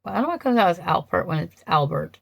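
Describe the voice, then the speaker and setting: A woman talking casually about two film versions of a story, thoughtful and hesitant with many pauses and restarts. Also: fairly low pitch, expressive, creaky, slightly rough, no echo. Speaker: vlogger reviewing films.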